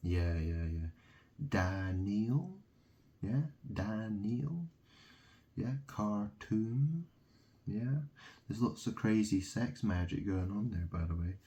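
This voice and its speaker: Slow, dark-voiced ranting Englishman. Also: on the low side. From England. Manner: ranting, mocking, swears freely. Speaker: solo video monologist. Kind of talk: rambling solo monologue.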